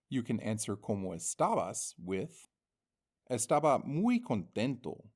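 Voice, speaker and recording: A male teacher narrates an instructional lesson in a slow, deliberate voice. His pitch moves up and down a great deal as he reads out each word and its meaning. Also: very animated. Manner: slow and deliberate, reading words and their meanings. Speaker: language teacher.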